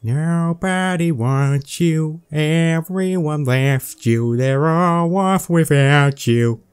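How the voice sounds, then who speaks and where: A man's voice: a little high, very slow, smooth. Laid-back Australian man hosting. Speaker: host. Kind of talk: casual voice chat.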